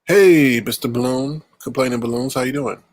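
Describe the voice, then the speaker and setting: Teasing male host, husky and very dry sound, animated delivery. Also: mid-range voice, moderate pace, no echo. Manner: playful, teasing, makes bird calls. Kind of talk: casual chat.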